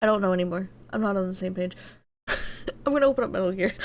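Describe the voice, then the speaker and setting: A woman streamer chatting casually on a live stream, telling loose stories with a lot of swearing. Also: mid-range voice. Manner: loose storytelling with frequent swearing.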